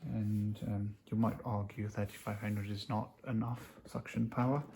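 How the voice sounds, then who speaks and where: A man's voice: on the low side, level tone, moderate pace, creaky, warm tone. A man casually unboxing a gadget, rambling with many fillers as he reads the specs off the box aloud. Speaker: unboxing vlogger. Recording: noisy home recording.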